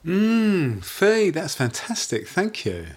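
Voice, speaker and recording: A man's voice: sits high, sing-song, takes it slowly. Friendly man co-hosting a poetry podcast. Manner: friendly, encouraging, tentative questions. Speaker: podcast co-host. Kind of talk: casual podcast conversation.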